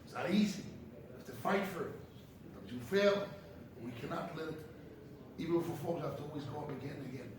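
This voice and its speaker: A man's voice: on the high side, lively intonation, fast talker, pauses often. A man who heads a yeshiva, giving an emphatic ethical sermon to his students. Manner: impassioned and emphatic, sometimes rising to cries. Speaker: head of a yeshiva. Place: large echoey study hall. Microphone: distant room mic. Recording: very echoey hall, far from the mic, faint noise.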